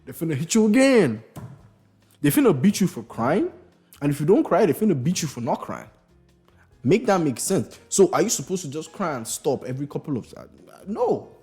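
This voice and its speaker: A young man in his early twenties telling a comedic story, animated, swearing freely and laughing through his lines. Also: on the high side, moderate pace, husky, soft background music.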